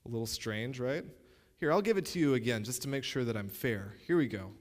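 A man's voice: medium pitch, brisk, long reverb tail. A man giving a spoken lesson, playful and direct, talking straight to the listener. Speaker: teacher.

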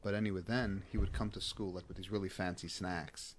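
A man's voice: low-pitched, level tone, brisk, a crowd in the background. A man hosting a podcast, chatting casually with a rambling, joking manner and frequent laughs. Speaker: podcast host. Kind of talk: casual chat.

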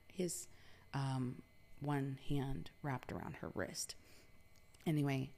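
A woman's voice: very deep voice, creaky, a little mellow. A woman from New York telling a personal story in a casual, chatty way, with lots of fillers and some swearing.

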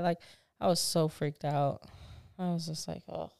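A woman co-hosting a podcast in casual chat, telling stories in an animated, blunt way, swearing and laughing at herself. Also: lowish voice, normal speed, gravelly, no echo, clean studio sound. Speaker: podcast co-host.

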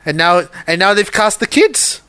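A man's voice: high voice, lively intonation, moderate pace, sharp tone, smooth. A man co-hosting a casual movie chat, reacting eagerly and laughing a lot. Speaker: podcast co-host.

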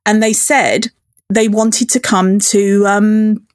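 A woman's voice: medium pitch, flat delivery, slow pace, dry recording. Bubbly giggly woman, dry close sound. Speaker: podcast guest, festival organizer. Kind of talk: casual interview chat.

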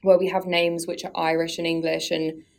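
A woman's voice: lowish voice, level tone, normal speed, vocal fry, a little mellow. A woman guest on a podcast, talking candidly and reflectively about her own life in a casual conversational way, often laughing at herself.

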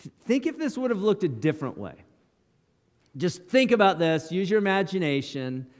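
A man's voice: high voice, very animated, normal speed, big-room sound. A male pastor preaching a sermon in short, dramatic, emphatic lines.

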